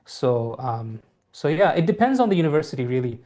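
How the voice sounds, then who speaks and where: A man's voice: medium pitch, sing-song, a little fast, mellow. A young Bengali-speaking man with a mostly American accent and traces of Bengali, teaching a live online English class into a laptop mic, friendly and full of fillers. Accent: mostly American with some Bengali sounds. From Bangladesh. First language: Bangla. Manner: friendly, hesitant with many fillers.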